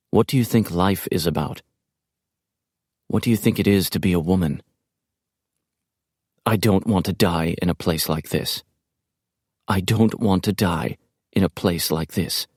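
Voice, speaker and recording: A man reading the diary entries of a frightened young woman in an audiobook, in a low, slow, even voice. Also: dry recording, clean studio sound. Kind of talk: audiobook narration.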